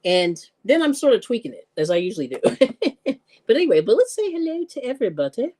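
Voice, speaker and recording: A woman hosting a live-stream cooking show, chatting casually, laughing often and greeting viewers with excited squeals. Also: a little high, fairly quick.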